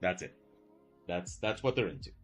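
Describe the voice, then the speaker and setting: A man's voice: sits low, lively intonation, moderate pace, soft background music. A man who teaches, chatting casually and with incredulity during a live art stream, rambling and swearing now and then.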